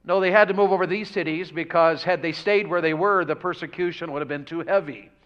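A man's voice: on the high side, brisk. A man preaching a revival sermon, folksy and full of questions to the congregation. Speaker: pastor. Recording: dull lo-fi church audio.

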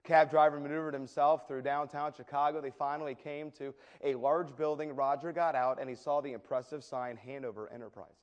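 A male preacher telling a story in a sermon, animated and often repeating words as he goes. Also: a little high, fairly quick, few pauses. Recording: echoey hall with long reverb.

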